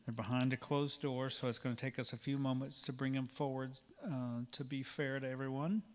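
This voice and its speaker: Joking Oklahoma emcee in a big hall. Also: male voice, medium pitch, steady tone, a little fast. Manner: joking, chatty. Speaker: pageant emcee. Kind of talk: live event hosting. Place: large auditorium. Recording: long hall reverb.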